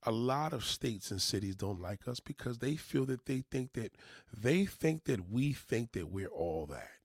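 Medium in pitch, animated, and unhurried, this man's voice comes through in studio quality with no echo. He's a vlogger from New York City with the local accent, rambling profanely to his viewers in a casual monologue laced with motivational asides.

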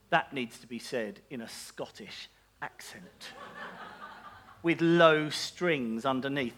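High-voiced chatty male preacher. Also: lively intonation, measured pace, fairly bright tone, breathy edge. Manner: chatty and self-mocking, with asides and laughs. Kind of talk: sermon.

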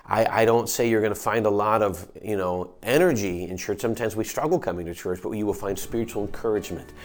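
A man's voice: fairly low pitch, quick pace. A man pastor giving a midweek devotional sermon in an earnest, encouraging way, often repeating and restarting phrases.

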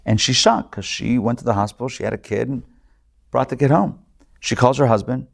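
A man's voice: medium pitch, fairly quick, gravelly. A man, a rabbi, giving a live class lecture to an in-person and online group in a conversational way, with jokes and asides to his listeners. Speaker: rabbi teaching a weekly class.

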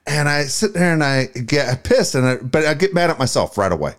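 A man who coaches high school baseball, co-hosting a podcast in casual chat, candid and quick to laugh and swear. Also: sing-song. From San Diego area. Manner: candid, laughing, swears while telling stories.

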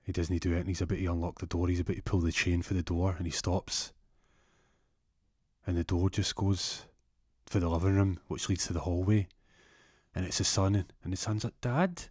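A man's voice: low voice, little pitch movement, normal speed, pauses often, a little mellow, husky, no echo, studio quality. A young adult man telling a story casually, rambling and profane, with frequent restarts.

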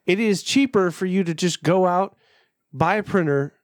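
A man talking loosely on a casual podcast, swearing and laughing as he goes. His voice sits a little high for a man. The sound is dry and close to the mic. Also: normal speed, dry recording. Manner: rambling, profane, laughs often. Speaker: podcast co-host. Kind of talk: casual chat.

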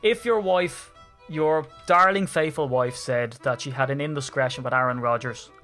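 A man's voice: mid-range voice, normal speed, pushed and bright, soft background music. A man with an Irish accent, hosting a podcast in rambling, jokey casual chat. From Ireland. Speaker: podcast host.

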